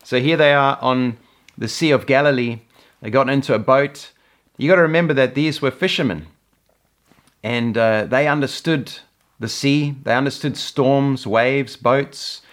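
A man teaching from the Bible in an earnest sermon, often repeating words as he presses a point. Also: mid-range voice. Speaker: preacher.

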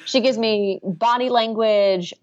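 A woman impressionist being interviewed over the phone, talking in animated, chatty bursts and correcting herself as she goes. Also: on the high side, slow pace, dull audio. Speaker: impressionist guest. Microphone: phone line.

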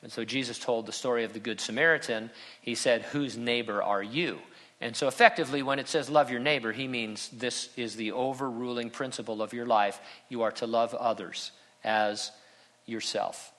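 A man's voice: mid-range voice, fairly even intonation, moderate pace. A middle-aged man preaching a sermon as pastor, conversational and humorous, with emphatic turns. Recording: bright voice in a hall with long reverb.

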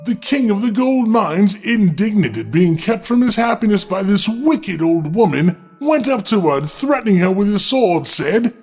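A man reads a fairy tale aloud for laughs, often stopping for sardonic asides to his listeners. His voice sits high, with faint music playing quietly underneath. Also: very animated, moderate pace, few pauses, husky. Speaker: storyteller. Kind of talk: comedic fairy tale reading.

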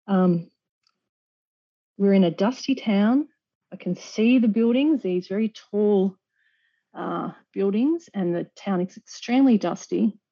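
A woman's voice: medium pitch, mellow. A woman recounting a personal experience as a guest, earnest, with frequent restarts and small nervous laughs. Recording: dull lo-fi recording.

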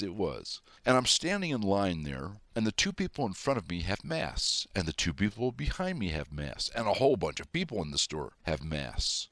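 Deep, lively folksy host, country rancher manner, dry close mic. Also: male voice, no echo. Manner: folksy storytelling, self-styled country rancher. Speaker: talk show host. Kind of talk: political talk show monologue.

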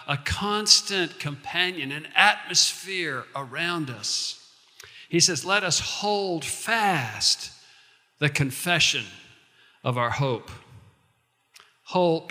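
Bright, sharp-voiced male pastor preaching. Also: fairly high pitch, long reverb tail. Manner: conversational, slows down to recite verses and lines. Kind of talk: sermon.

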